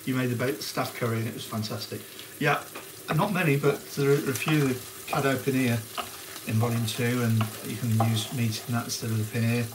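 A medium-pitched man keeps a steady tone and talks a little fast as he hosts a casual live cookalong. He says hello to viewers by name while cooking. There's background noise from onions sizzling in a pan.

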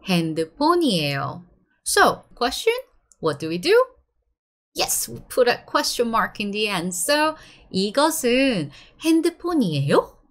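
A woman in her thirties with a Korean accent, a Korean teacher giving an encouraging online lesson and drawing out the example phrases slowly. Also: mid-range voice. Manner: lively, encouraging, drawn-out model phrases.

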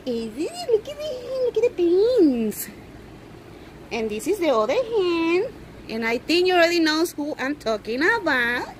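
Woman, unboxing vlog, high voice, big swooping pitch, slow gushing delivery. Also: background noise. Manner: gushing, excited, coos over the doll. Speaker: reborn doll collector vlogger. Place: indoors at home.

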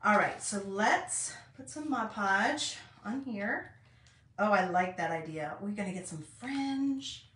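A woman's voice: mid-range voice, lively intonation, measured pace, a bit bright, recorded from a distance, slight background noise. A woman in her fifties hosting a casual craft tutorial, chatting and rambling to viewers as she works at home. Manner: chatty, rambling, talks to viewers while working. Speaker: craft channel host. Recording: roomy echo, mic set back.

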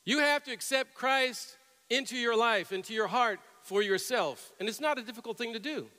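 A middle-aged male pastor preaching a sermon, telling stories and rising to loud, emphatic peaks. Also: very high voice, expressive, normal speed. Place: church sanctuary with long reverb. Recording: reverberant church hall.

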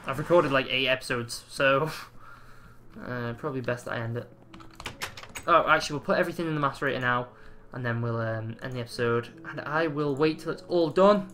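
A man's voice: medium pitch, a little fast, pushed and bright. A man casually commentating his own gameplay, chatty and jokey, swearing now and then. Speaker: let's play host.

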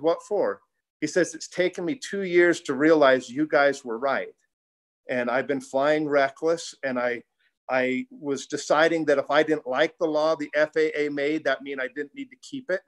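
A middle-aged man on a panel, earnestly telling a story and acting out the voices of the people he quotes. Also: on the high side. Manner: earnest, anecdotal, quotes others in lively voices. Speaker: panel speaker, pilot group co-founder.

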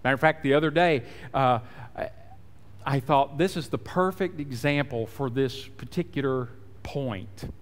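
Slow, reverberant male preacher. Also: medium pitch. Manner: storytelling preacher, acts out quotes. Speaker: pastor. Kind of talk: sermon. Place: church sanctuary.

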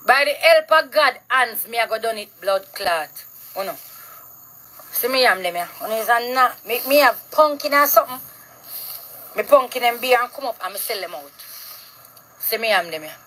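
A Jamaican woman ranting outdoors in a yard, loud, heated and full of curses, recorded on a phone. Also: a little high, lively intonation, normal speed, long pauses, slight background noise, low-quality recording. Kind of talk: angry street rant to camera.

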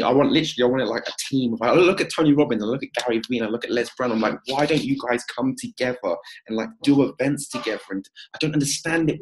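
A man hosting a live-stream coaching pitch, energetic and upbeat, calling out viewers by name. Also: slight background noise.

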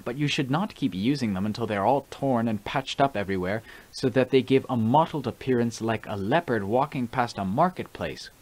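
A man's voice: medium pitch, brisk, hardly any pauses, a little mellow, lightly acted. A man reading the part of a devoted monk who formally and earnestly pleads with his teacher, in an audiobook. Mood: earnest pleading.

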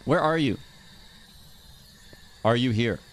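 A man's voice: mid-range voice, takes it slowly, a little hiss or hum. A man streaming a ghost-hunting game, chatting casually and calling out to the ghost and his teammate. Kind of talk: casual gameplay chat.

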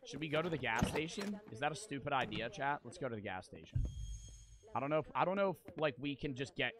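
A man's voice: mid-range voice, lively intonation, quick pace, over music. A young man streaming a video game, chatting casually to his viewers, swearing and laughing as he plays. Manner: loud, swearing, talks to chat, laughs often. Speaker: gaming streamer. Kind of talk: casual let's-play commentary.

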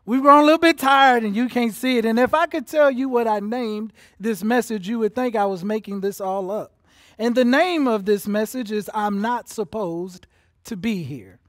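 A man preaching a livestreamed sermon as pastor, emotional and building from soft to intense. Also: sits high, no room sound, clean studio sound. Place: church auditorium.

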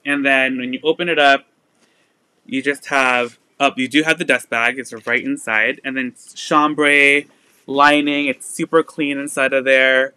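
Bright, clear-voiced chatty man on a live stream. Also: mid-range voice, fairly even intonation, unhurried, dry recording. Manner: chatty, with frequent "like" fillers and laughs. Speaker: live sale host. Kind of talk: casual live-stream chat.

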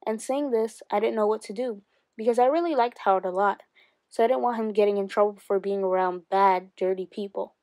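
A woman teacher reading a memoir aloud to her class, steady and expressive, with rises for emphasis. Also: mid-range voice, fairly quick, no room sound.

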